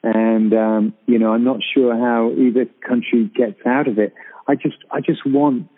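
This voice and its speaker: A man's voice: medium pitch, steady tone, measured pace. Hesitant man on a tinny phone line. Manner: hesitant, with many fillers and restarts. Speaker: guest on a radio show. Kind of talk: casual radio chat. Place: abroad in Britain, calling in.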